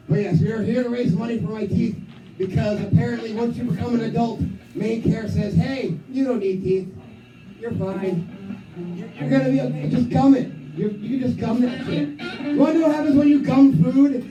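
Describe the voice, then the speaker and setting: High-voiced crude stand-up comic man in his 30s. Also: fairly even intonation, normal speed, highs cut off. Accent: New England. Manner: crude, self-mocking, heavy swearing; acts out his own voice in loud quoted asides. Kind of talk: stand-up comedy set. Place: small comedy club stage. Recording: roomy club sound from a distance. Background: live music and crowd.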